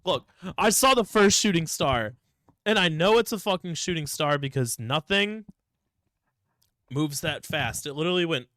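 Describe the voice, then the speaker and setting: A young man from Ohio tells rambling, profane stories with a slightly high voice. The sound is dry and close, with no room around him. His talk is loose and casual. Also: lively intonation, normal speed, pushed and bright, no echo. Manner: profane, rambling storytelling with frequent swearing. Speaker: podcast co-host. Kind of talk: casual chat.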